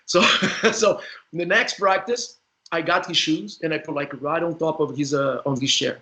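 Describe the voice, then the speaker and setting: Man, Brazilian accent, slightly high pitch, casual storytelling, laughing, filler-heavy. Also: fairly even intonation, moderate pace, bright, forceful tone. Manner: loose, laughing, chatty with frequent fillers. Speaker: former player turned coach.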